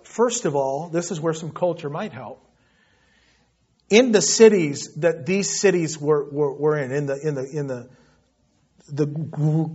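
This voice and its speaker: A man preaching a sermon with passion, dropping to a hush and then rising loud and fervent. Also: high voice, husky, lo-fi sound. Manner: impassioned, swings from hushed to loud. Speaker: pastor.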